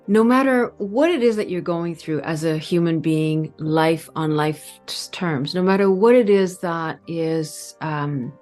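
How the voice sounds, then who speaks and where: Calm, lower-voiced woman speaking earnestly. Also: soft background music. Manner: calm, earnest, with pauses and stretched words. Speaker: spiritual channel host. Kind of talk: reflective spiritual talk to camera.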